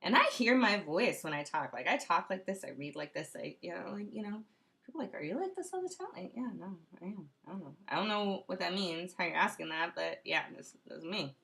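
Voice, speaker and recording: Female vlogger, home webcam, casual monologue, gravelly fry, self-questioning ramble. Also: fairly low pitch, brisk, fairly bright tone. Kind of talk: casual late-night monologue to camera. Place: room at home. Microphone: computer webcam.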